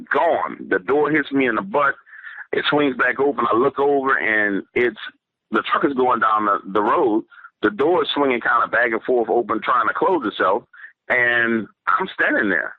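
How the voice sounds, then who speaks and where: A man, a guest on the show, recounts a frightening encounter in an earnest, halting way, with many fillers and restarts. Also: medium pitch, no room sound. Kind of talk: personal story told over the phone. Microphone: phone. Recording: tinny phone line, dry.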